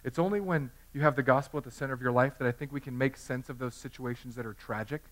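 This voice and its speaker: A man's voice: mid-range voice, quick pace. A man in his thirties preaching a sermon in a conversational, self-deprecating way, telling personal stories. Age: 30s. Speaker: pastor.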